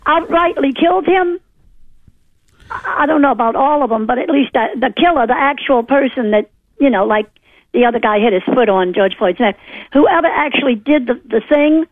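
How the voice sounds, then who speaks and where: A woman's voice: high voice, normal speed, no echo. A woman from New Orleans calling in to a talk radio show, indignant and rambling with fillers. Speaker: caller. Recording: phone line.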